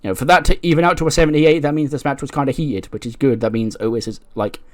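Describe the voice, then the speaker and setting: A man's voice: medium pitch, fairly even intonation, fast, dry recording, clean studio sound. A man casually narrating a wrestling management game, chatty with lots of fillers. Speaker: let's play host.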